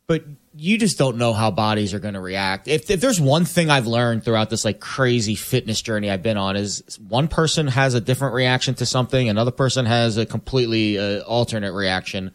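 A man's voice: mid-range voice, lively intonation, brisk, few pauses. Rambling male sports panelist. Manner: rambling, fond of homespun comparisons. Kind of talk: casual sports debate.

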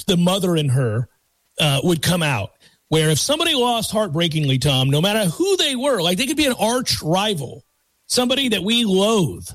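A man with a high-pitched voice hosts a sports talk radio show, chatting casually. He wanders and corrects himself as he goes. The sound is dry and close, with no room in it. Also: a bit bright, no echo. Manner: rambling, conversational with self-corrections. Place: radio studio.

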